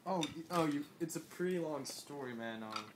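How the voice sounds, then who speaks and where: A man's voice: expressive, moderate pace. Rambling guy with a noisy home camera. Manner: rambling and hesitant, full of ums and "you know"; low-key, mostly quiet delivery. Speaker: storyteller. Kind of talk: rambling improvised absurd story. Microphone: handheld camera held by a friend. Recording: noisy home video with clattering dishes.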